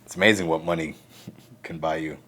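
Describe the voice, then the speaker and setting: A man's voice: rumbling low, fairly even intonation, brisk, a bit bright, husky. A man joining a podcast as a guest, joking casually and trailing off with "I don't know.". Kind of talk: casual chat.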